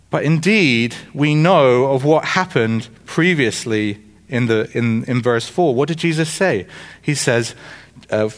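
Male pastor, slightly higher voice, informal conversational preaching with asides and humor. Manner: jokes with the congregation. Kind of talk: sermon.

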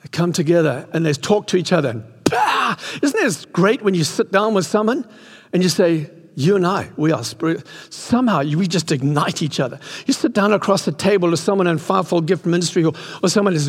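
A man's voice: high-pitched, a little fast, slightly rough. A man in his sixties preaching an impassioned sermon in a church hall. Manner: impassioned, rising to excited peaks. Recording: long hall reverb.

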